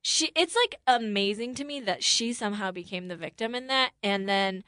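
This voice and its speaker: A woman's voice: medium pitch, animated, moderate pace, sharp tone, dry recording, clean studio sound. A woman co-hosting a podcast, chatting casually about a reality show and acting out what people said. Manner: chatty, quotes people in put-on voices, laughs often. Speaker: podcast co-host.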